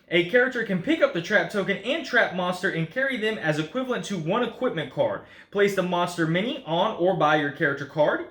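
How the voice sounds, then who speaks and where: A man hosts a casual board game video and explains the rules as he goes. His voice is high and bright, and he talks in a chatty way with many fillers. The room around him is echoey. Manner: chatty, says guys and uh often. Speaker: board game channel host. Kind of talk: casual solo playthrough talk.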